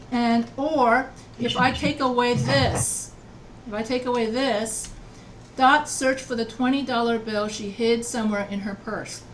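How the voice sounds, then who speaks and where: A woman writing instructor leads an online class with patient repetition, checking that everyone follows along. Her voice sits a little high and sounds far from the laptop mic. A faint hum runs under the video-call audio.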